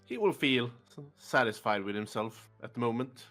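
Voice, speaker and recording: Bright-voiced joking man player. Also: medium pitch, lively intonation, moderate pace, faint music behind. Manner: joking, teasing. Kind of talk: casual banter at the table.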